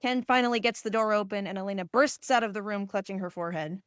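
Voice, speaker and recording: A woman reading a screenplay's stage directions aloud in an even, plain way. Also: medium pitch, fast, smooth, dry recording, studio quality. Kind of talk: scripted narration.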